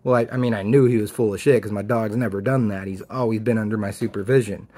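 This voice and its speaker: A man's voice: fairly low pitch, steady tone, fast talker, darkish tone. A man vlogging, telling a story in a casual, blunt way and swearing freely.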